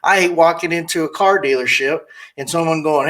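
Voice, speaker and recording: This podcast host, interviewing a car saleswoman, has a man's voice on the high side, a little fast and a bit bright. His casual talk is blunt and rambling, full of candid opinions, and he frequently voices the customers he quotes.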